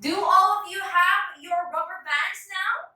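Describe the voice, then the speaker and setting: A young Filipino woman teaching an English lesson to a class, calling on students by name in a clear, deliberate way. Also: extremely high pitch, steady tone, bright, forceful tone. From Philippines. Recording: echoey classroom from far off.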